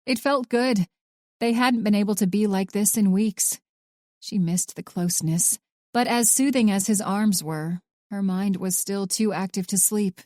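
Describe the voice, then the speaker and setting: Woman narrating a thriller audiobook, mellow dark voice, dry close sound. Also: mid-range voice, a little slow, no room sound.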